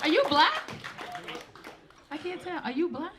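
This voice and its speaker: A middle-aged woman comedian works a live club, brash and profane as she tells stories and picks on the crowd. Her voice sits high and bright. Loud audience laughter rolls behind her on a handheld stage mic. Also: very animated, unhurried, background noise. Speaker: stand-up comedian. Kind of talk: stand-up set.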